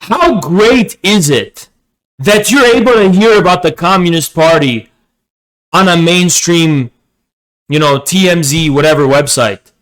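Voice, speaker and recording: Man, fairly high voice, streamer, swearing a lot, angry commentary. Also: measured pace, a bit bright, low-quality recording. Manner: profane, heated ranting with sudden swings in pitch. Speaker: streamer host. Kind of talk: ranting livestream commentary.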